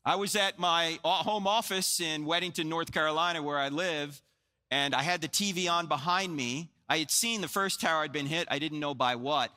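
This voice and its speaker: A man's voice: fairly high pitch, moderate pace. A man in his sixties from New Jersey gives a live apologetics lecture to an audience, telling stories with joking asides and acting out dialogue. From New Jersey, USA. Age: 60s. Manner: animated storyteller, jokey asides, acts out dialogue. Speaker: Christian apologetics speaker. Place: large hall with live audience. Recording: long hall reverb.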